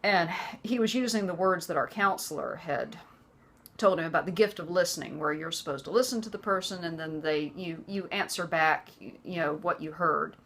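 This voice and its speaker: A woman in her forties speaking earnestly to the camera about her own life, halting often and restarting her sentences. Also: lowish voice, fairly bright tone, slight background noise. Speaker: vlogger. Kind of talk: personal testimony to camera.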